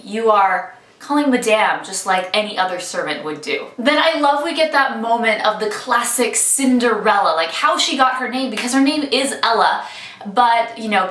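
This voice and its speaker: A woman's voice: medium pitch, fairly bright tone. A woman chatting enthusiastically and casually as she reviews a film trailer. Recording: echoey room, mic at some distance.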